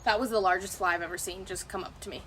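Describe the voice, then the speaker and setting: A woman's voice: mid-range voice, quick pace, a little hiss or hum. A young woman streaming outdoors, talking casually to her viewers in a loose, rambling way that often restarts and swears freely. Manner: rambling and animated, with many restarts. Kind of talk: casual chat.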